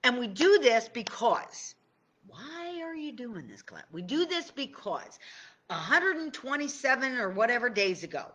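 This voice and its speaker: A woman's voice: on the high side, very animated, normal speed, a bit bright. A middle-aged woman from Indiana talking casually on a livestream as a tapping coach, chatty and joking, often cutting herself off mid-sentence. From Indiana, USA. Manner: chatty, joking, self-interrupting. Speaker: tapping and law of attraction coach.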